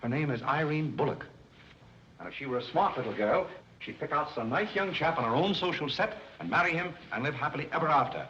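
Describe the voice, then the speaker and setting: An actor playing a dignified, reserved butler who speaks in a polite, measured, formal way in a 1930s film comedy. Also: male voice, a little high, expressive, pushed and bright, slight background noise. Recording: muffled 1930s film soundtrack with music.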